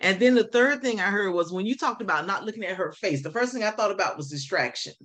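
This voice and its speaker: A woman hosting a faith interview, asking questions and reflecting in an animated way. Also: mid-range voice, fast. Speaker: host. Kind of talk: faith talk show interview.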